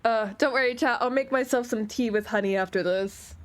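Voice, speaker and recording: A woman's voice: fairly high pitch, a little fast. A woman streaming a story game, reading out the characters in turn and chatting between lines.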